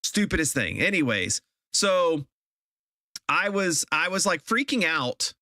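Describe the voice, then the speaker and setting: A man's voice: on the high side, very animated, takes it slowly, sharp tone, no echo, clean studio sound. A man live-streaming a game, chatting casually with viewers and ranting in exasperation, often repeating himself.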